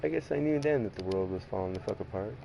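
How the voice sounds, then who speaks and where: A man's voice: deep voice, animated, quick pace, gravelly, mellow, a little hiss or hum, rough recording. A man chatting casually while streaming a racing game, rambling, swearing heavily and laughing often. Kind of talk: casual gaming stream chat.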